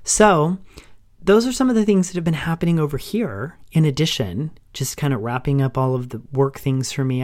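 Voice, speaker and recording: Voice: mid-range voice, a little mellow. Middle-aged podcast host, openly emotional. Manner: open and emotional, long run-on sentences linked with "and". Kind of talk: reflective personal monologue.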